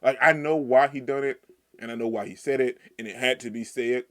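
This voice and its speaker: A man reading a manga aloud and reacting in excited, slangy outbursts. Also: mid-range voice, a little fast.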